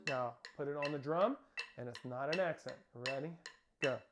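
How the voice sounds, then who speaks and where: A man's voice: mid-range voice, normal speed, over loud music. A man teaching a snare drum lesson, counting beats aloud and calling out stickings and start cues. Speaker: percussion instructor. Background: snare drumming.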